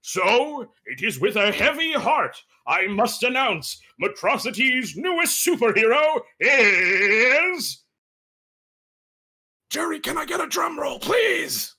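A man voicing a pompous male announcer who judges superheroes, with a grand, drawn-out delivery. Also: very high-pitched, big pitch swings, vocal fry, sharp tone, breathy edge, full character voice. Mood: grandiose. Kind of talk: improvised role-play.

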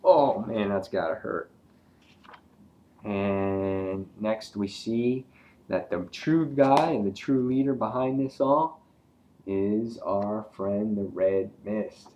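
A man's voice: on the low side, slow pace, dull audio, slight background noise. A man giving a casual, hesitant comic book review, talking through pages with many ums and uhs.

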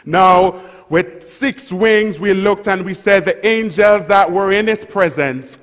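Man, preacher, sermon, call-and-response, high pitch, long church echo. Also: takes it slowly, fairly bright tone. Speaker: pastor. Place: church sanctuary.

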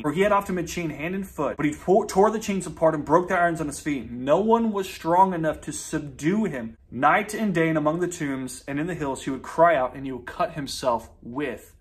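A man preaching a sermon, reading scripture aloud and telling it as a story, speaking straight to his listeners with emphatic repetition. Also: a little high.

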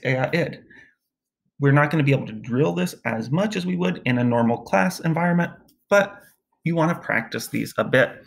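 A male Latin teacher giving a recorded lesson, explaining grammar in a relaxed, chatty way and chanting word forms as drills. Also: mid-range voice, moderate pace, gravelly.

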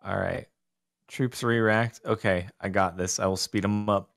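A man's voice: sits low, unhurried, gravelly. A man talking through a multiplayer strategy game with a friend, dry and sarcastic. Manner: relaxed, dry sarcastic banter. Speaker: gaming co-host. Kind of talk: casual gaming chat.

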